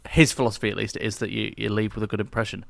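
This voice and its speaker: A man's voice: fairly low pitch, level tone, gravelly, dry recording. Casting: man, podcast co-host, rambling casual chat with restarts, dry studio sound. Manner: rambling, halting with many restarts.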